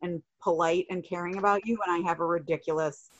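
A woman's voice: on the low side, fairly even intonation, brisk. Exasperated woman on a dull recording. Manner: exasperated, sarcastic storytelling. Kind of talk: casual chat.

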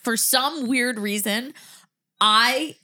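A woman's voice: fairly high pitch, extremely slow. A woman in her thirties co-hosting a podcast, telling funny family stories with lots of laughter. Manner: animated, laughing storyteller. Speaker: podcast co-host. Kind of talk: casual chat.

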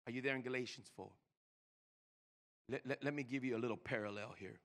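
An older man preaching a sermon, stammering and repeating words, swinging from loud emphasis to hushed slow lines. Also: mid-range voice. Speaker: pastor.

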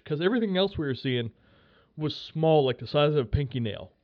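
A podcast host spinning a casual story, animated and swearing freely with lots of fillers. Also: male voice, fairly high pitch, fast talker, lo-fi sound.

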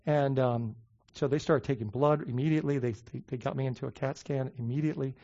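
A man preaching a sermon in a loose, conversational way, with lots of fillers and restarts, who slows down to stress his points. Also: medium pitch, fairly even intonation, mellow. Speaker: pastor. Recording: dull lo-fi sound.

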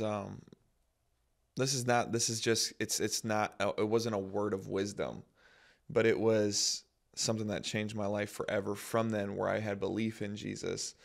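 A man's voice: on the low side, gravelly. A man in casual faith talk, telling a personal story in a rambling, self-interrupting way.

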